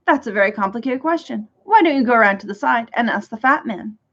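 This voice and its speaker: Brief: woman playing fussy, forgetful storybook man, high and bright, dull lo-fi sound. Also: expressive, quick pace. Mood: cheery. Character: cheerful, muddled ordinary man of four jobs. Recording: dull lo-fi recording.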